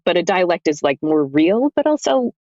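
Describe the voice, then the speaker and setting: An audiobook narrator chatting as a podcast guest, thinking out loud with plenty of "like". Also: mid-range voice, very animated, normal speed, dry recording, lo-fi sound. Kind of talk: casual roundtable discussion.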